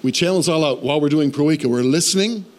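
Male pastor, higher-pitched voice, lively conversational sermon delivery with questions to the room. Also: quick pace. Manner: animated, conversational preaching with questions to the congregation. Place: church.

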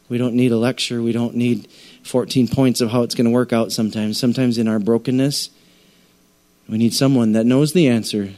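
A man's voice: on the low side, a little mellow. A male preacher giving a sermon in an emphatic, repetitive, conversational way.

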